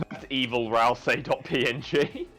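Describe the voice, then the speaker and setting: A young man co-hosting a casual podcast, throwing out deadpan jokes. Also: medium pitch, unhurried, faint music behind. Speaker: podcast co-host. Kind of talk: casual chat.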